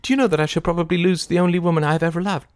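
A man voicing an agitated young gentleman who talks in an anguished, stammering, reproachful way. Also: sits high, steady tone, very fast, clear, resonant tone, no room sound, studio quality, lightly acted.

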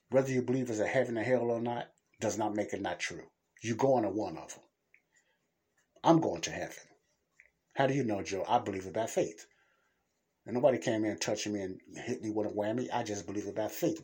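A man's voice: on the low side, husky. A middle-aged man hosting a Christian podcast, preaching in a blunt, casual, colloquial way and repeating points for emphasis.

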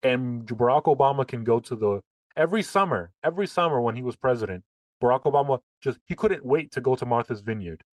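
A man's voice: medium pitch, expressive, quick pace, no room sound, low-quality recording. Sarcastic man, dry close sound. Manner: sarcastic, talks in long runs with restarts. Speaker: podcast co-host. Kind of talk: casual political chat.

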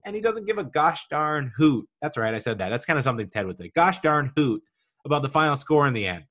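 A man's voice: medium pitch, lively intonation, quick pace, fairly bright tone. A man in his forties giving a casual, rambling, enthusiastic review monologue, full of "like" fillers. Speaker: podcaster reviewing a TV show.

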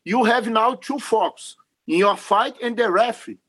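Male guest, high voice, emphatic and earnest. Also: moderate pace, a bit bright, slightly rough. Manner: earnest, broken non-native English, emphatic. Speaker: podcast guest, jiu-jitsu referee. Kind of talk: casual interview talk.

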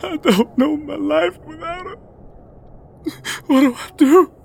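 An actress playing a bitter, hungover female captive who is worn out and sharp-tongued in an audio drama. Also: very deep voice, sing-song, unhurried, husky, exaggerated voice. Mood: grieving. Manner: curt, bitter, breaking into sobs. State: hungover and weary.

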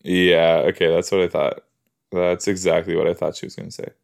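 His voice is deep and gravelly, the delivery flat and a little fast. He hosts a podcast, giving relaxed solo reactions to a TV episode while he watches, chatting, laughing at his own jokes and adding rhetorical asides.

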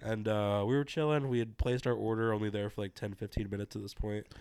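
A young man tells a long story to his podcast co-host, rambling and swearing as he acts out what people said. His voice is smooth and clear, caught on a dry, close mic. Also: fairly low pitch, fairly even intonation, quick pace, darkish tone, dry recording. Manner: rambling, profane, acts out quotes. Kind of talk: casual storytelling chat.

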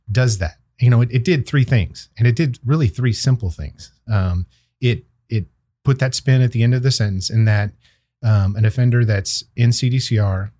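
A man speaking as a guest on a podcast interview, a county probation chief explaining things in a measured, thoughtful way with frequent fillers and restarts. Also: medium pitch, dark tone, no echo.

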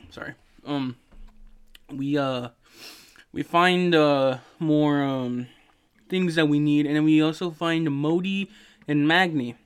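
A man's voice: on the high side, steady tone, slow, long pauses, smooth. Sleepy man rambling through a game recap. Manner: rambling, swearing, many fillers and restarts. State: sleepy, yawning. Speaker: podcast host. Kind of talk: casual video game story recap.

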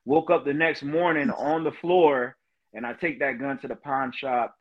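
A podcast guest who is a Marine veteran and motivational speaker recounts his life in personal storytelling, earnest and emotional, with plenty of "you know" fillers. His voice is mid-pitched, fairly even in intonation, and moderately paced. The recording comes across as a little dull and lo-fi.

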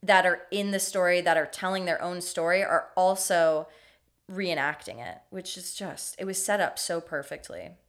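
Female co-host, lower voice, dry quips, casual podcast chat. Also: fairly even intonation, normal speed.

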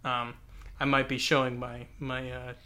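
A man's voice: mid-range voice, completely flat delivery, unhurried, bright, forceful tone. A man from Texas co-hosting a podcast, chatting casually about a book in a rambling way full of fillers. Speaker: podcast co-host.

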